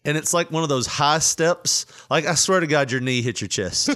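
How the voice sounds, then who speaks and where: A man's voice: a little high, moderate pace, bright, forceful tone, shouting. Laughing man telling a story. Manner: laughing often, retelling with quoted voices. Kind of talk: casual storytelling chat.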